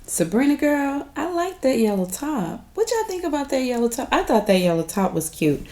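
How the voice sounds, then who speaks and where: A woman's voice: high-pitched, very animated, normal speed, warm tone. A woman, chatting casually to viewers as she recaps a TV episode, often laughing and calling them y'all. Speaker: recap host.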